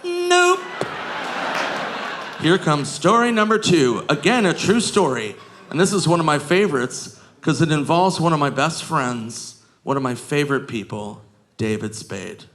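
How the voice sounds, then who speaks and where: A man in his forties doing stand-up, telling stories in an animated way that jumps into loud shouts on a comedy stage. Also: fairly high pitch, moderate pace. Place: comedy stage before a live audience. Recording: live comedy club, audience noise.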